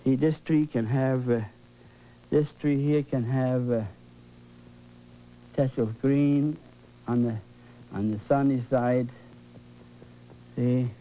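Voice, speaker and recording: A man at medium pitch teaches painting while he works, taking his time, pausing often, and keeping a steady tone as he fervently coaxes and repeats himself. It is a live demonstration captured in a dull, lo-fi broadcast recording with slight hiss or hum.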